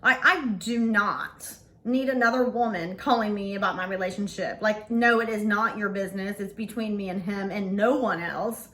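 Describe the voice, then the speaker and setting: A woman in her forties telling a story to camera in a casual vlog, blunt and animated, swearing freely. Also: mid-range voice, moderate pace, few pauses. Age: 40s. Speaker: vlogger.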